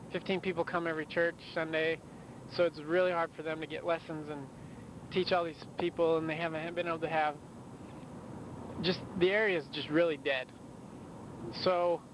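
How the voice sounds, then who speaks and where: Young man rambling in a noisy car. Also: on the high side. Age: young adult. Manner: rambling, casual storytelling with many fillers. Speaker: missionary. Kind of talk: recorded audio letter. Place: in a moving car.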